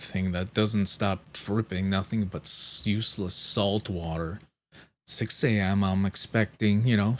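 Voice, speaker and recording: A man's voice: sits low, slight background noise. A man vlogger telling a story in a casual monologue, frank, exasperated and heavily profane.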